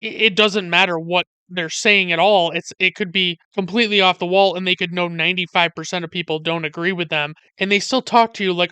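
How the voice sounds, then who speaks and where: A man's voice: sits high, steady tone, brisk, hardly any pauses, sharp tone, clear, resonant tone, no room sound. A man narrating a casual movie review in a chatty, wry way, wandering off on side tangents as he retells the plot. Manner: chatty, wry and sarcastic, with digressions and many "like" fillers. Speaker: film reviewer.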